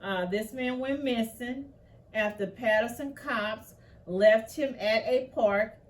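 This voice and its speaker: A woman's voice: fairly high pitch, slow pace, far from the mic. A woman hosting casual commentary on news cases, outspoken and passionately indignant. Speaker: commentary channel host.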